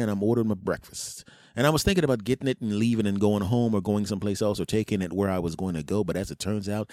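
A man in his late forties hosting a podcast, telling a comic story in an animated way and dropping into low, smooth murmurs. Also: no room sound, clean studio sound. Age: 40s. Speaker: podcast host. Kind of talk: casual comic monologue.

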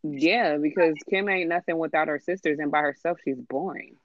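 A woman's voice: deep voice, normal speed, dry recording, lo-fi sound. A woman co-hosting a casual chat show, blunt and sassy with a lot of slang. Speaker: podcast co-host.

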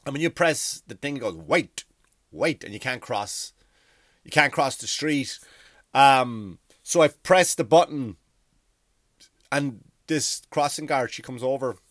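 A man's voice: mid-range voice, measured pace, a bit bright, no room sound, clean studio sound. A man, hosting a comedy podcast in a rambling, profane, self-deprecating monologue. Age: 40s. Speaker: podcast host.

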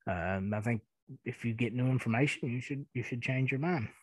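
Reading and replying to listener mail, this podcast host chuckles and rambles, pausing with fillers along the way. He's in his thirties with a heavy Eastern Kentucky accent and a medium-pitched, slightly rough voice. There's no room sound.

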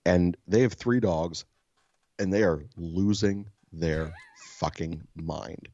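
A soft-spoken man co-hosting a podcast, telling a story casually, swearing freely and laughing at himself. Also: sits low, slow, muffled recording. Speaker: podcast co-host.

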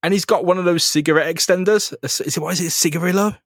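A man co-hosting a podcast, retelling a comic book story in an animated, casual way with frequent swearing. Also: high-pitched, very fast, dry recording, clean studio sound. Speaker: podcast co-host.

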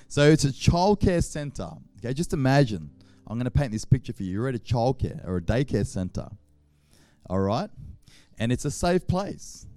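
A man's voice: mid-range voice, warm tone, no room sound. An Australian man, a pastor, tells humorous stories in a sermon, acting out scenes with sound effects.

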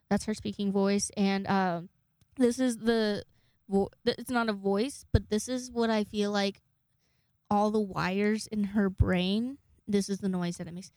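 A woman's voice: medium pitch, steady tone, unhurried, a little mellow, no room sound. A young woman hosting a casual monologue, rambling in a chatty way and swearing freely. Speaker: host.

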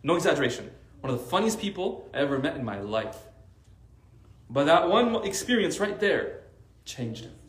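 A man's voice: a little high, brisk, roomy sound. A man who teaches Arabic, giving a casual religious talk to a faith circle and telling stories with lots of "like" fillers. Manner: animated storytelling with many "like" fillers.

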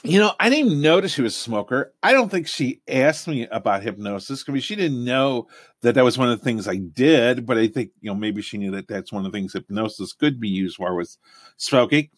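A man's voice: mid-range voice, lively intonation, brisk, dry recording, clean studio sound. Rambling middle-aged man telling a story. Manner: rambling, many fillers and restarts. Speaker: hypnotist and podcast host. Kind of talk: casual storytelling.

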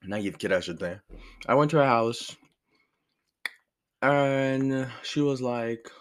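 A young man casually telling a personal story, animated and rambling, swearing freely and laughing as he goes. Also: mid-range voice, slow pace. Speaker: storyteller vlogger.

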